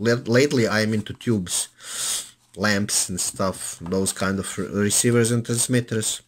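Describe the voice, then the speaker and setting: A man's voice: on the low side, unhurried. A man casually reviewing an old cassette recorder indoors, laid-back and rambling, with lots of filler sounds.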